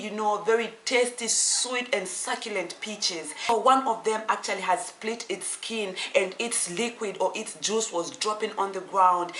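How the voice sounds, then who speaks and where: A woman's voice: mid-range voice, a bit bright. Woman telling a story in an echoey room. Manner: unscripted, many restarts and "you know" fillers; acts out the characters' lines in quoted voices. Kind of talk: casual storytelling. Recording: echoey room with faint ambience.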